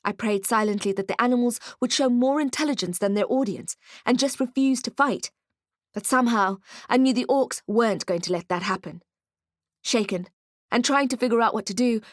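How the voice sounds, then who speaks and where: A woman reading an audiobook in first person with wry, expressive storytelling. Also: mid-range voice, brisk, no echo, clean studio sound. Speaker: audiobook narrator. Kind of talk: scripted first-person narration.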